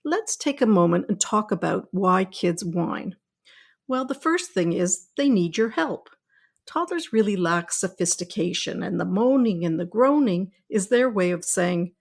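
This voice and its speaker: A middle-aged woman pediatrician hosting a podcast, speaking in a calm, reassuring, explanatory way. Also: medium pitch, unhurried, gravelly. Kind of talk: scripted podcast talk.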